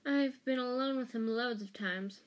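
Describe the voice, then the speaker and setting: A woman's voice: a little high, moderate pace, close to an everyday voice. Woman reading a teen boy wizard, defiant, indignant, raised voice.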